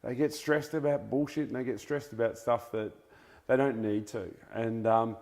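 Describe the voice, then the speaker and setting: An Australian man chats as a guest author in an easygoing interview. He talks in a loose, blokey way, animated and unpolished, and swears now and then. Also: medium pitch, moderate pace, in a large hall. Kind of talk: casual interview chat.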